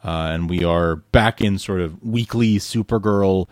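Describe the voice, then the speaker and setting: A man's voice: deep voice, measured pace, dry recording, clean studio sound. A man hosting a podcast in casual chat, who laughs often and talks in a chatty way. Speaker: podcast host.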